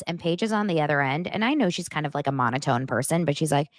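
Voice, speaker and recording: Talking fast with few pauses, a young woman with a deep voice hosts a pop-culture podcast, recorded with no room sound. She casually retells reality-show scenes, leaning heavily on fillers.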